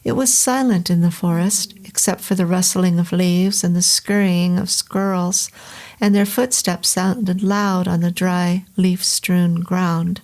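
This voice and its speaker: A woman reading a vintage horror novel aloud as narrator, in a steady, unhurried storytelling manner. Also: lowish voice. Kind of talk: scripted audiobook narration.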